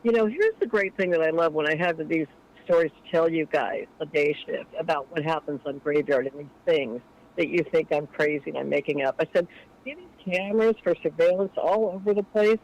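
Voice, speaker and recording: A woman's voice: sits low, a little fast, highs cut off. A woman calling in to a late-night show, telling a long personal story in a chatty way and animating the voices of people she quotes. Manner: chatty, animated when quoting others. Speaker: caller.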